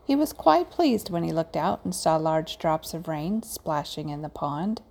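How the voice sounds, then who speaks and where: A woman reads a children's storybook aloud at a gentle, measured pace. Her low voice has a gravelly edge and a warm, mellow tone, with lively intonation.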